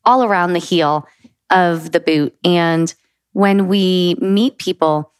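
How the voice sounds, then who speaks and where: Brief: middle-aged female co-host, somewhat low voice, easygoing and quick to laugh, dry close sound. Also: clear, resonant tone, dry recording. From United States. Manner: laughs easily, steers the talk back on track. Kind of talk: casual travel chat.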